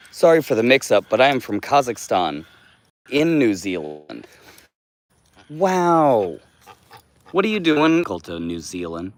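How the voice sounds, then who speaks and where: A man's voice: mid-range voice, big pitch swings, slow pace, pauses often. A man hosting a casual livestream, cooing to his pet duck in baby talk and thanking viewers for their comments. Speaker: livestream host.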